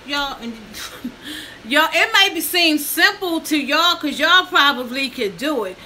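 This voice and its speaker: A woman's voice: extremely high pitch, lively intonation, unhurried, pushed and bright, a little hiss or hum, low-quality recording. A woman, a vlogger telling her story to viewers, tearful and calling them y'all. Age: 50s. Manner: addresses viewers as y'all, breaks down crying. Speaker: mukbang vlogger.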